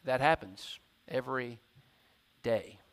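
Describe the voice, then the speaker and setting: A man's voice: mid-range voice, slow pace. A man preaching a sermon in church, telling a story and acting out his own inner voice.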